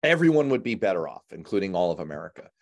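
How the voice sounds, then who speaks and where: A man hosting a casual political panel, animated and jokey, acting out mock phone calls. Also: low voice, racing. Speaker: host.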